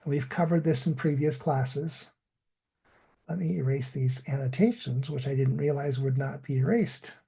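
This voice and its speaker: A man teaching an online English lesson, modeling words slowly and deliberately for learners. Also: medium pitch, vocal fry, mellow, slightly rough. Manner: slow, deliberate, drawn-out model pronunciation.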